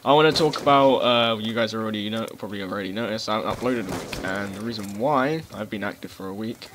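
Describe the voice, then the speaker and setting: Low-voiced guy commentating a game. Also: fast talker. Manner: casual rambling, swears, sudden loud outbursts. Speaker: gaming commentator. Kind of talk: live gameplay commentary. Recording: game gunfire noise behind voice. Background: gunfire and explosions from the game.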